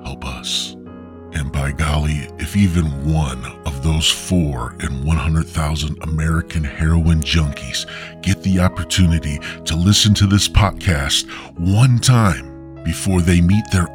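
A man hosting a podcast with a crude, rambling, mock-grandiose comedic monologue. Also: very deep voice. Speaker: podcast host.

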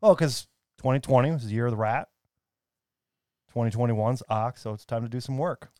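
A man's voice: mid-range voice, moderate pace, darkish tone, no room sound, studio quality. A man co-hosting a podcast in casual chat, rambling loosely through half-remembered facts and laughing often.

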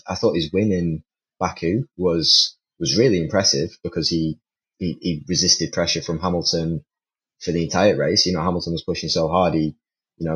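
A man with a very deep voice talks through his view on a casual panel. He circles and restarts his sentences and laughs a little at his own bluntness. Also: low-quality recording. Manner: rambling, many restarts, self-deprecating laughs.

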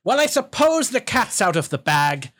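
A man's voice: fairly high pitch, very animated, a little slow, fairly bright tone, heavily acted. A man voicing a scheming male goblin warlord who speaks with false courtesy in a tabletop game. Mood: smug.

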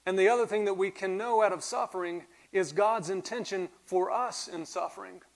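A man's voice: sits high, moderate pace, low-quality recording. A man giving a sermon as pastor, earnest and building to emphatic peaks. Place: church sanctuary. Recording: clear music underneath. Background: soft guitar music.

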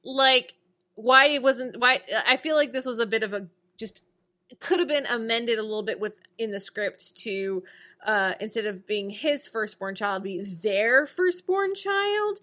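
Woman, bright tone, casual show-recap talk, brisk and chatty. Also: a little high.

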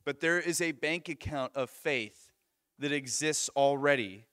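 Young man, preacher, animated storyteller, bright voice, dry close sound. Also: on the high side, a little slow, no room sound. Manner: animated storytelling, voices others in quoted dialogue. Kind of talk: storytelling sermon.

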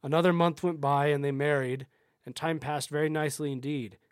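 A man's voice: on the high side, little pitch movement, a little fast, clean tone, no echo, clean studio sound. A man, a podcast host, reading a folktale aloud with small stumbles and self-corrections.

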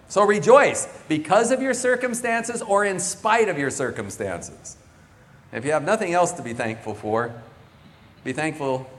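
Man preaching in a reverberant church. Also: medium pitch. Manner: earnest, rising and falling preaching cadence. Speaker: pastor. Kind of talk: sermon. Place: church sanctuary. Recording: long reverb of a large church.

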